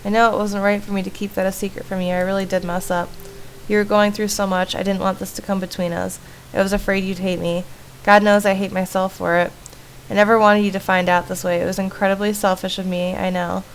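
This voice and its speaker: A woman's voice: medium pitch, flat delivery, a little fast, a little hiss or hum, lightly acted, rough recording. A woman reading aloud as a guilty young woman who keeps apologizing to her friend in a horror game. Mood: remorseful. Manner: defensive, then remorseful.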